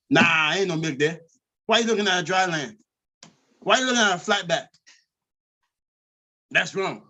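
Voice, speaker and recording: A man hosting a live stream, telling rambling comedic stories loudly and animatedly. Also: high-pitched. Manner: loud, rambling, animated storytelling. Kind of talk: unscripted comedic rant.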